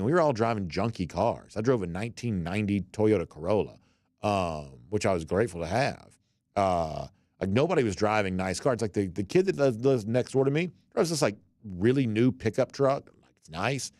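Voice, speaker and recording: A man's voice: fairly low pitch, darkish tone, no room sound, studio quality. A man hosting a sports talk show, chatting loosely with many fillers and restarts as he reads out listener comments. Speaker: podcast host.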